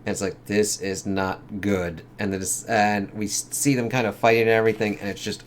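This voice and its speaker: A man's voice: on the low side, fairly even intonation, quick pace, slight background noise. A man giving a loose, casual spoken review of a comic book, swearing freely and leaning on fillers. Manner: loose and profane, lots of fillers.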